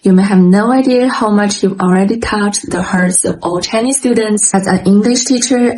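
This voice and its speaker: A woman who teaches English talks plainly in a casual vlog to camera. Her voice sits at a middle pitch, with faint noise in the background. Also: a little mellow.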